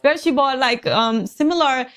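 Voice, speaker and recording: Woman commentator, casual rambling, high-pitched, fillers. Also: animated, moderate pace, a bit bright. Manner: rambling, full of "like" and "in my opinion". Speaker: commentary YouTuber.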